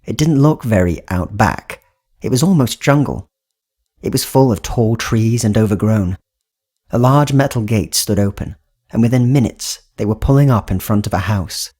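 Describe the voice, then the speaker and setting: A man reading a horror audiobook as narrator, in steady, even storytelling. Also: on the low side, slightly rough. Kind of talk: scripted narration.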